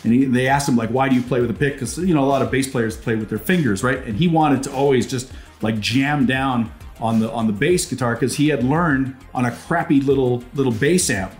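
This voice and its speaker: A man's voice: mid-range voice, fairly quick, hardly any pauses, faint music behind. Canadian man hosting in an echoey room. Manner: rambling, laughs often. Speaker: podcast host. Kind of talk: casual chat.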